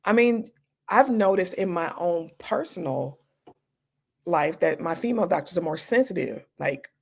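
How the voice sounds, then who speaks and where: A woman emergency room physician, a guest in an interview, telling her stories in an animated way and acting out her own reactions. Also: on the low side, normal speed, vocal fry, slightly rough. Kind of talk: casual storytelling in an interview.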